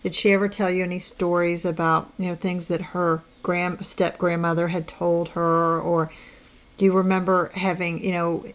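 A woman interviewing for an oral history, asking long, gently probing questions. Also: lowish voice, little pitch movement, moderate pace.

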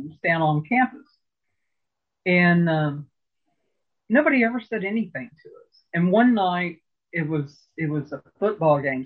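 Husky guy rambling thru a story, lots of ums, sounds like a phone call. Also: on the high side. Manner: rambling, chatty, with many fillers and restarts. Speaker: interviewee. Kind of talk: casual storytelling interview.

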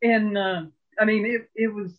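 A man's voice: high voice, fairly even intonation, normal speed. A man in an interview telling stories in a rambling, chatty way, with lots of fillers and restarts. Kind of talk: casual storytelling interview. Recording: phone-like narrow sound.

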